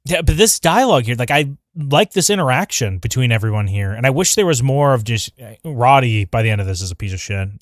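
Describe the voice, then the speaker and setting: A man's voice: medium pitch, animated, quick pace, few pauses, no echo. A man with a mid-range voice co-hosting a fan review livestream. His talk is loose and rambling, often broken up by laughs, and the sound is dry and close. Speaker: podcast co-host. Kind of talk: casual fan review chat. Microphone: livestream microphone.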